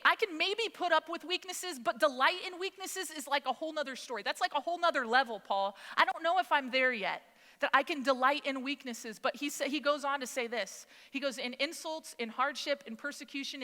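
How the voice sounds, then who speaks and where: A woman in her thirties, a mother of three, preaching a sermon in a casual, conversational way, full of lively asides. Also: high voice. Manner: conversational, animated storytelling. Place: church sanctuary. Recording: long hall reverb.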